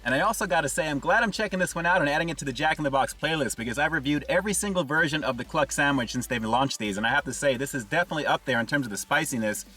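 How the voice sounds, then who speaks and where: A man's voice: on the high side, racing, few pauses, pushed and bright, husky, far from the mic, faint music behind. A man hosting a casual food review from inside a car, upbeat and chatty, who keeps calling his viewers "guys". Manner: upbeat, keeps saying "guys" and "really digging".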